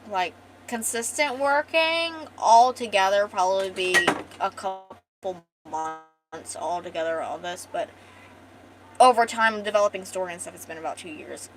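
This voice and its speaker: A woman's voice: medium pitch, unhurried, slight background noise, rough recording. A young woman chatting casually as a comic artist and streamer. She rambles and fills her talk with ums and restarts. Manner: rambling, with many fillers and restarts. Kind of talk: casual chat.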